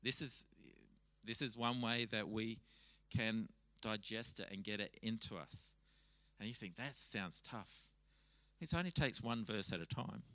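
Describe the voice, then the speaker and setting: A man delivers a sermon to a church congregation in a bright, forceful voice. He speaks conversationally and tells stories with animated restarts. The sound is dry and close. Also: fairly low pitch, normal speed, dry recording, low-quality recording. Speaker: pastor. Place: church service.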